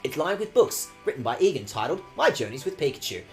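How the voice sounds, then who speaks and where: A man's voice: a little high, sing-song, quick pace, faint music behind. A man streaming a video game, ranting at the characters with sarcastic, profane commentary. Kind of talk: let's-play commentary.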